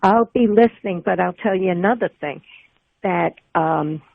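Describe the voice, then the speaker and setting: A woman's voice: fairly low pitch, normal speed, creaky, no room sound. A woman with a New York accent calling in to a radio show, chatty and effusive. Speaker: caller. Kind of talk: radio call-in. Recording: tinny phone line.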